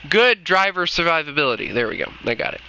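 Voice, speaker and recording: A man's voice: fairly high pitch, sing-song, fast, bright, forceful tone, rough recording. A man with a Southern US accent giving joking, rambling commentary while he plays a video game. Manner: joking, rambling, self-mocking. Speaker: gaming streamer. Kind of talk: casual gameplay commentary. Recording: game noise behind.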